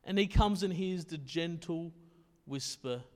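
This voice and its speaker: A man's voice: a little high, a little slow. A male pastor preaching a sermon in a casual, conversational way, often checking in with his listeners. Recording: long reverb in a hall.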